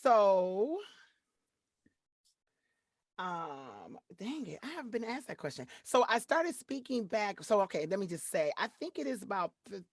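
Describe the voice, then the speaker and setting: A middle-aged woman from Detroit, a voiceover artist, chatting as a guest on an interview show in an animated, playful way. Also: unhurried, no echo, studio quality. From Detroit, Michigan. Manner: animated, playful, acts out quotes in high voices. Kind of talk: casual interview chat.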